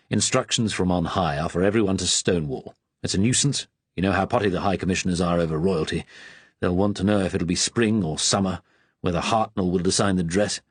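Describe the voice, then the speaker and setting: A man's voice: sits low, slightly rough, no echo. A man voicing a smug, self-important senior official who speaks in a dry, confiding way.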